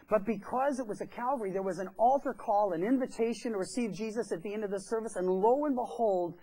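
A man's voice: sits high, a little mellow, poor audio. A pastor telling a story during a sermon in a church. He talks in a chatty way and acts out the quoted voices. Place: church sanctuary.

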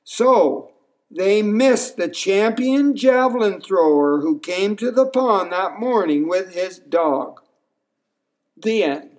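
Slow, expressive male storyteller. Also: high-pitched. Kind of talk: children's storybook read-aloud.

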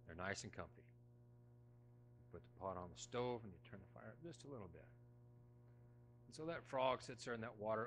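A middle-aged man preaching a sermon as pastor, talking conversationally with folksy, self-deprecating humor, moving between loud emphasis and hushed asides. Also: mid-range voice, big pitch swings, moderate pace, gravelly, a little hiss or hum. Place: church sanctuary.

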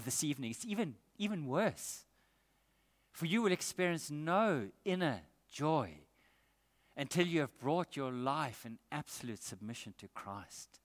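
A man's voice: medium pitch, a bit bright. A man preaching a sermon as pastor, earnest and emphatic. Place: church. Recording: echoey church hall.

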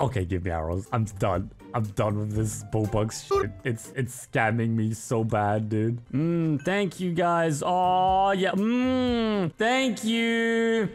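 A young man doing live gameplay commentary as a streamer, swinging between loud, swearing outbursts and low, sulky grumbling. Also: takes it slowly, few pauses, music in the background. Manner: swears freely. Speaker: gaming streamer.

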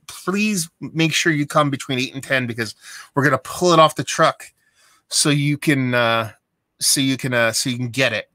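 Speaking directly into the camera, a young adult man who vlogs about beer rambles through his story with clear exasperation. His bright, forceful, mid-range voice is expressive and moves at a normal pace, and the close, dry sound has no room echo.

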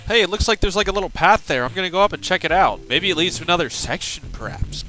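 A man's voice: on the high side, fairly quick, bright, forceful tone, soft background music, poor audio. A man giving ranting gameplay commentary as a game reviewer, sarcastic and profane.

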